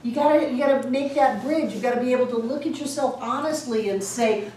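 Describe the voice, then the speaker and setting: A woman's voice: sits high, brisk, few pauses, warm tone. A woman teaching a spiritual class, telling stories with animation, laughing often and acting out voices. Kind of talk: storytelling lecture to a class. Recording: very echoey room, distant mic, faint hiss.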